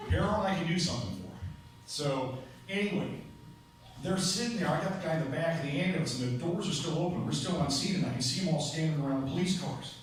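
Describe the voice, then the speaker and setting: A man doing a stand-up comedy set on a club stage, telling stories in a conversational way with punchy asides. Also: a little high. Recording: echoey club, distant mic, crowd noise. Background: audience laughter.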